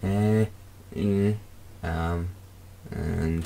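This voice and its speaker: British guy doing let's play commentary, lowish voice that jumps around a lot, clear background noise. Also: lively intonation, unhurried. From Britain. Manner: playful, bursts into frustrated shouting. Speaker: gaming YouTuber.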